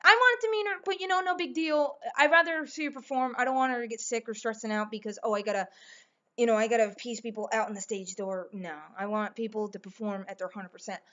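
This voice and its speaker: Woman vlogger, casual gushing chat, slightly high voice, dull lo-fi sound. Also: steady tone, fast talker, fairly bright tone. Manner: gushing, full of fillers and restarts. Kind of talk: casual rambling vlog chat.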